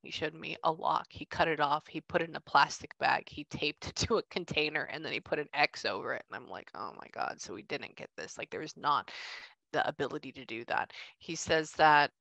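A woman working as a medium, chatting casually and relaying messages in quick bursts, acting out what she is shown. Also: deep voice, creaky, fairly bright tone, no room sound. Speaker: psychic medium. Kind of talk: casual reading session.

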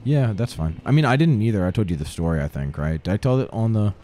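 A low-pitched man talks through a video game with a lively, swooping delivery. His voice is mellow and dark, and he sounds blunt and exasperated, cursing freely. A faint hum of room noise sits behind him. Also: fast. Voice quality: blunt and exasperated, swears often. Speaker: gaming channel co-host. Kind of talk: casual gameplay commentary.

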